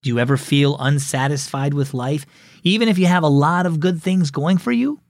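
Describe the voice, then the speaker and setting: A man's voice: on the high side, moderate pace, dry recording, clean studio sound. A man hosting a children's devotional show, reading scripted narration and speaking encouragingly to young listeners. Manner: warm, encouraging, addresses kids directly.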